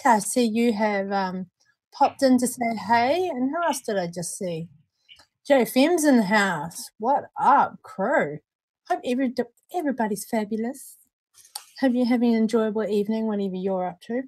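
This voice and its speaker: A woman's voice: on the high side, no room sound. A woman hosting a casual live vape review stream from home, chatty and laughing often. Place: at home, indoors at night.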